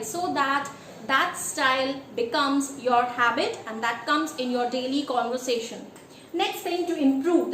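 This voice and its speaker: A woman teaching English pronunciation in a deliberate, emphatic way, checking in with her listeners with a rhetorical "yes?". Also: sits high, a bit bright. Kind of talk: instructional lesson. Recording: echoey room with faint ambient noise.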